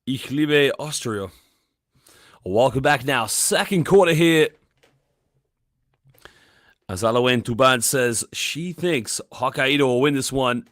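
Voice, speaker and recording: A man doing live play-by-play commentary on a basketball game, calling the action briskly and reading out viewer chat messages between plays. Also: medium pitch, expressive, fairly bright tone, no room sound, clean studio sound.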